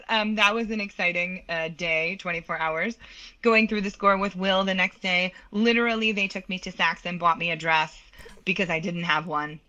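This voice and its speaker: Lively woman opera singer telling stories. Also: lowish voice, moderate pace. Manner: animated, laughs often, acts out quoted lines. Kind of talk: storytelling in a podcast interview.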